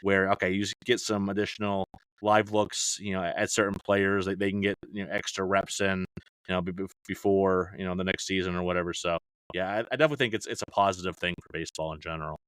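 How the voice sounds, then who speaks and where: A man's voice: low voice, fairly even intonation, fast talker, fairly bright tone, clean tone, no echo. A middle-aged man chatting casually as a podcast guest, rambling with many "you know"s and restarts. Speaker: podcast guest, fantasy baseball analyst.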